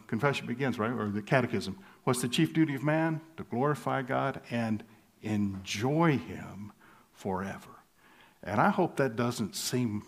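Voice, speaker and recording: A man preaching a sermon as pastor, earnest and measured, slowing down for emphasis and chuckling lightly now and then. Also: mid-range voice. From southern United States.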